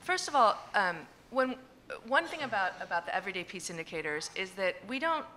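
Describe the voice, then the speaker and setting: A woman's voice: mid-range voice, big pitch swings, fairly quick, sharp tone, a little hiss or hum. A woman speaking on an academic conference panel, thoughtful, with many restarts and "right?" checks. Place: conference hall.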